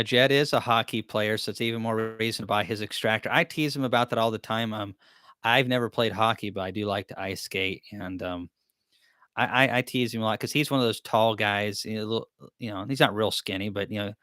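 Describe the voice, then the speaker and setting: A man's voice: lowish voice, fairly even intonation, a little fast, bright, forceful tone, clean tone, dry recording, studio quality. A man hosting a live-stream question-and-answer chat, talking in a rambling, easygoing, self-deprecating way. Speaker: beekeeping channel host.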